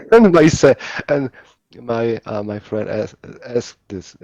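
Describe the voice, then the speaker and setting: A man in casual chat, telling a story in halting speech while searching for words. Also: medium pitch, animated, a little mellow, no room sound, low-quality recording.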